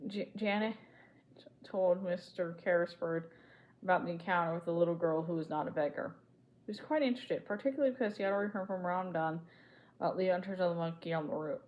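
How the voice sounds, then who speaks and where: A woman reading a children's classic aloud as an audiobook narrator, in a steady, clear manner. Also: on the low side, fast, dull audio. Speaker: audiobook reader. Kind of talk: storybook reading.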